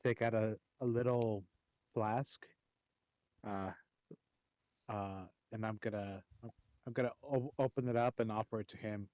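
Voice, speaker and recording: Halting player in a lo-fi recording. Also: male voice, on the low side, fairly even intonation, a little mellow, no echo. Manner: halting, describes actions. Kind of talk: in-character game play.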